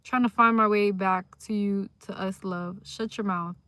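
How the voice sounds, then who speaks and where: A young woman streaming live from her phone, reading comments aloud and rambling in a slangy, casual way. She drifts between mumbled asides and sudden loud outbursts. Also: mid-range voice, fairly even intonation, normal speed, no room sound. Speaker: livestreamer.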